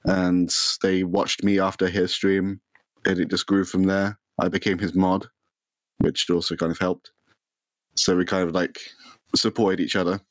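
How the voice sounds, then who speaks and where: A man's voice: deep voice, no room sound, poor audio. A young man chatting as a podcast guest about streaming, rambling with many fillers and restarts. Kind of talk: casual chat.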